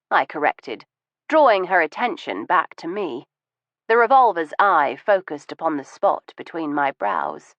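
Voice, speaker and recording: A woman narrating a novel in first person, in a measured, even storytelling voice. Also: on the low side, no echo, dull audio. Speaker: audiobook narrator.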